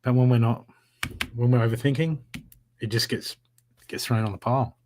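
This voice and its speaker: A man giving live psychic readings from home, talking in an animated, encouraging way with a lot of repetition. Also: medium pitch, moderate pace, noisy background. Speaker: psychic reader. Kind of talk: live-streamed spiritual reading.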